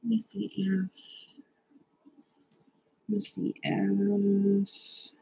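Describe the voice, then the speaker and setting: A young woman talks to her chat on a live stream, rambling casually and poking fun at herself with a nervous edge. Her voice sits at an ordinary middle pitch with a husky, breathy grain, and now and then she lets a swear word slip. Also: level tone, very slow, mellow, low-quality recording. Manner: chatty, self-deprecating, nervous.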